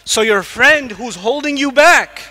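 A man from the United States, probably middle-aged, giving an animated religious lecture to a live audience, asking it questions and quickly reciting Arabic verses. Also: very high voice. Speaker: Islamic lecturer. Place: large lecture hall. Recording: long hall reverb.

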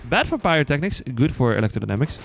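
A man with a non-native accent chatting casually to viewers while playing, quick to excited outbursts and joking at himself. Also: mid-range voice, creaky, a little hiss or hum. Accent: non-native English accent. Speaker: gaming channel host. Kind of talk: casual let's-play commentary.

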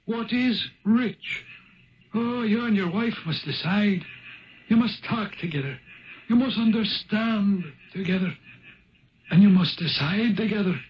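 A solemn, ancient Viking spirit turned Irish speaks in a strikingly high voice with an Irish accent, laying out his riddles slowly and gravely. This is a 1970s radio play heard through a dull, lo-fi broadcast. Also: a little hiss or hum. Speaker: Old Man of the Rock. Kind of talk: 1970s radio drama acting.

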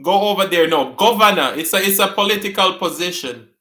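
A man with a Jamaican accent hosting a live-stream trivia chat, repeating words slowly and laughing often with viewers. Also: sits high, animated, sharp tone, reverberant. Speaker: host.

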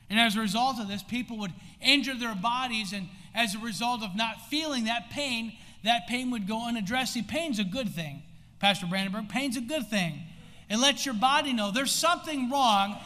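High-voiced preacher man in a reverberant church. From United States. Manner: preaching with rising intensity and sudden shouts. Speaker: pastor. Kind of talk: sermon. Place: church sanctuary. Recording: long hall reverb in a church.

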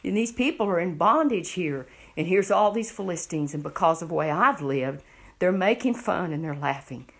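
A woman's voice: lowish voice, animated, moderate pace, breathy edge. A woman voicing a remorseful, humbled strong man pleading with God, in a broken, pleading way.

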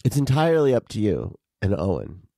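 Low-voiced man rambling in casual chat. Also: sing-song, a little fast, vocal fry, dark tone, no room sound, studio quality. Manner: rambling, hesitant, full of restarts. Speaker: podcast co-host.

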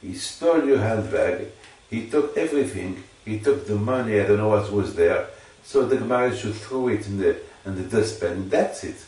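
A man giving an informal Torah teaching to a listener, halting and repeating phrases for emphasis. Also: fairly low pitch, lively intonation, darkish tone. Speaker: religious teacher. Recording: echoey room, distant mic.

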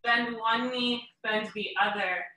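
A woman yoga teacher guiding a class through poses with calm, short breath cues, a little out of breath as she moves along. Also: on the high side, slow pace, recorded from a distance. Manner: calm step-by-step cueing in short phrases. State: slightly out of breath. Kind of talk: guided yoga class instruction. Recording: echoey room, voice from away from the mic.

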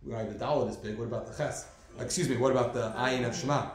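A man's voice: medium pitch, steady tone, fast. A man giving a conversational class as a rabbi, with many fillers and asides. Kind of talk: classroom lecture. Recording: very echoey room.

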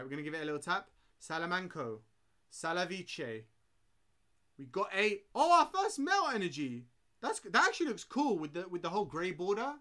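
Young male streamer, bright lively voice, slangy live pack-opening commentary, prone to sudden loud outbursts. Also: on the high side. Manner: excitable, slangy, bursts into loud shouts.

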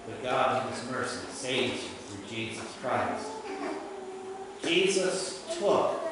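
Man preaching slowly in an echoing church. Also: mid-range voice, very noisy. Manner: slow, emphatic preaching with dramatic pauses. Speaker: pastor. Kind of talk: sermon. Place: church sanctuary. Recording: distant mic in a reverberant church.

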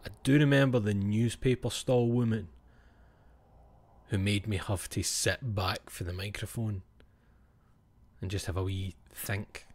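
A man's voice: fairly low pitch, darkish tone, husky. A Scottish man chatting casually with his stream viewers, swearing and laughing, and often dropping to a whisper for asides.

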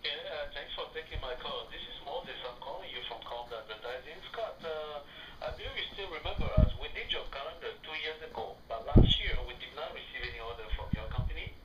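A man with a French Canadian accent making a persistent, repetitive sales pitch as a telemarketer. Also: expressive, fairly quick. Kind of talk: sales call. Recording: echoey distant phone line with faint noise.

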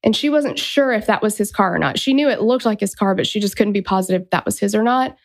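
A woman hosting a true crime podcast, her voice sitting at a middle pitch. She tells the story in a loose, conversational way, full of fillers. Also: fast talker. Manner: casual, chatty retelling. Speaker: podcast host.

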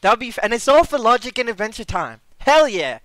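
A young Australian man streaming a game, excitable and quick to exclaim and swear. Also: extremely high pitch, no room sound. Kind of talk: live stream reaction.

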